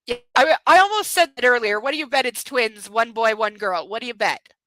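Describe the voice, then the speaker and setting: A woman's voice: a little high, expressive, fairly quick, bright, forceful tone, no room sound, low-quality recording. A young woman hosting a book club, reading a novel aloud with sarcastic, mocking asides. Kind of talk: comedic book reading with commentary.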